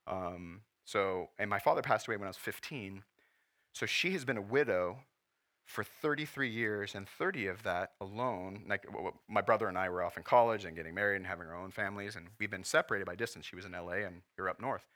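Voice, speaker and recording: A man's voice: on the low side, a little fast, bright, forceful tone. A man in his forties preaching a sermon as pastor, earnest and emotional, at times holding back tears. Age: 40s. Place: church.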